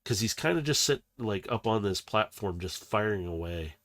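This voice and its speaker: A man narrating a tabletop game as game master, in a loose, chatty, animated way. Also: lowish voice, moderate pace, no echo.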